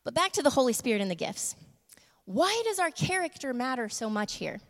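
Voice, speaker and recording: A woman's voice: high-pitched, sing-song. Chatty woman preaching in a reverberant hall. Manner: conversational, laughs often, shifts between quick asides and slow emphatic lines. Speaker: church speaker. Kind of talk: casual sermon with humor and props. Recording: long reverb of a large room.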